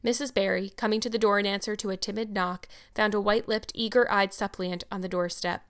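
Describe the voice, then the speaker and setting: A woman narrates a classic storybook in an even, medium-pitched voice. Afterward she talks about it in a thoughtful, appreciative way. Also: a little fast, clear, resonant tone. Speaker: audiobook reader and podcast host. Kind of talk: storybook narration and reflective commentary.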